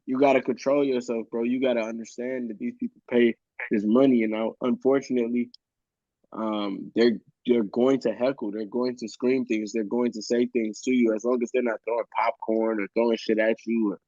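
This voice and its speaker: A man's voice: medium pitch, level tone, normal speed, mellow, dry recording, muffled recording. A man co-hosting a podcast in casual chat, talking bluntly and swearing a lot. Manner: blunt, profane, heated. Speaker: podcast co-host.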